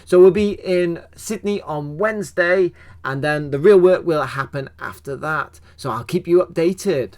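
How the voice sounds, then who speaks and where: A man's voice: a little high, measured pace. A young man talking casually through a football match review, chatty and self-deprecating, asking himself questions as he goes. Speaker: football fan channel host.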